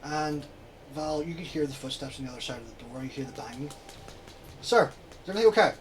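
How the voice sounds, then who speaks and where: A man narrating calmly as game master of a tabletop game. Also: medium pitch, quick pace, a little hiss or hum, low-quality recording. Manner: calm descriptive narration.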